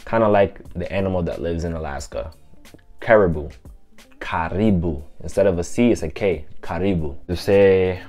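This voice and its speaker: Low-voiced man teaching phrases casually. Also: dark tone, faint music behind. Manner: repeats words slowly for pronunciation, chatty and loose. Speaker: language teacher vlogger. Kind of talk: casual language lesson.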